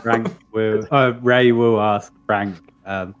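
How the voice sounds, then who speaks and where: A man's voice: lowish voice, fairly even intonation, slow pace, few pauses, smooth. A man playing a tabletop game, speaking politely and a little hesitantly. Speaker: player. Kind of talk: casual tabletop chat.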